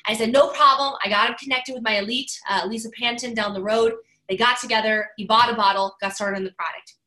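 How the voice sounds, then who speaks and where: A woman's voice: fairly high pitch, steady tone, quick pace, bright, forceful tone, rough recording. A woman in her forties giving an emphatic motivational talk, driving points home by repeating key phrases. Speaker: motivational speaker.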